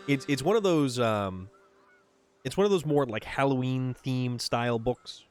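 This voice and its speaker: A man's voice: mid-range voice, big pitch swings, normal speed, soft background music. A man hosting a casual gameplay livestream, rambling and repeating words as he chats with viewers. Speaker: livestream gamer host. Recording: game vehicle noise behind voice.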